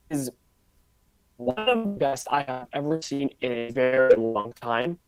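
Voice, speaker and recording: A man's voice: fairly high pitch, no echo, low-quality recording. A man chatting on a podcast call, enthusiastic but full of fillers, through a mic that glitches. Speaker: podcast co-host. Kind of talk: casual chat.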